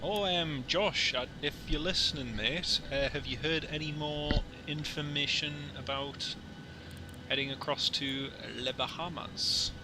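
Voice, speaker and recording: A man's voice: a little high, fairly even intonation, measured pace, background noise. A man streaming a flight simulator who chats in a jokey, rambling way with viewers between radio calls. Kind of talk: casual live-stream chat with radio calls.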